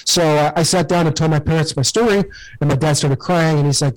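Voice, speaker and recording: A man in his forties speaking with a fairly high pitch as he tells his story on a podcast. His delivery is earnest and emphatic, with the motivational push of a former athlete who wants to lift people up. He often doubles back and repeats words as his feeling builds. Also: fairly even intonation, a little fast, rough recording. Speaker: podcast guest, former pro baseball player.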